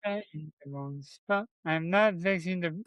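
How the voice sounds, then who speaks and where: A man's voice: high-pitched, a little slow, no room sound, muffled recording. A man co-hosting a casual podcast, chatty and joking while he runs the segment. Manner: chatty, jokey, runs the show. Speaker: podcast co-host. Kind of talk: casual chat about wrestling predictions.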